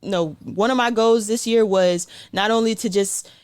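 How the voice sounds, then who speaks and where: A woman's voice: mid-range voice, moderate pace, no room sound. Chatty woman telling stories. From South Carolina, USA. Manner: chatty, animated, acts out quotes, frequent "like" and light laughs. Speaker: guest sprinter. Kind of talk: casual interview storytelling.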